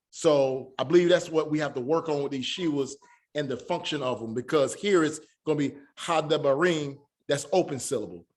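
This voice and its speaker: Male online teacher: halting delivery, many fillers, slow syllable drills. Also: on the high side. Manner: spells out sounds slowly. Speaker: Hebrew teacher.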